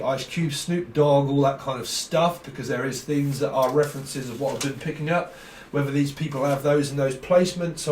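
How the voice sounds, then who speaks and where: Fast-talking man reading tarot. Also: medium pitch, a little mellow, a little hiss or hum. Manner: fast, free-associating, laughs often. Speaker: tarot reader. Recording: roomy sound from a distant mic.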